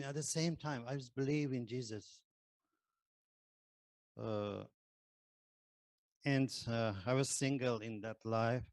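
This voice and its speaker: A man who is not a native English speaker, telling his conversion testimony in hesitant English full of pauses and fillers. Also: medium pitch, a little mellow, no echo. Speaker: ex-Muslim convert giving testimony. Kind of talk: personal testimony.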